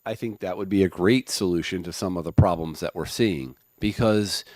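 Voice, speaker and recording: A man giving committee testimony in a halting way, restarting often, as he loses his voice. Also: deep voice, a little mellow, no echo. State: losing his voice. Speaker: legislator testifying. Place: legislative hearing room.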